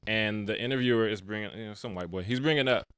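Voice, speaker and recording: A man's voice: lowish voice, quick pace, fairly bright tone, clear, resonant tone, no echo. A young adult man hosting a casual movie podcast, retelling scenes with slangy asides. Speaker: podcast host reviewing movies. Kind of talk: casual chat.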